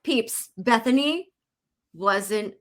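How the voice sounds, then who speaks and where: A woman co-hosting a podcast in casual chat, giggly and animated as she tells stories. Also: a little high, drawn-out words. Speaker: podcast co-host.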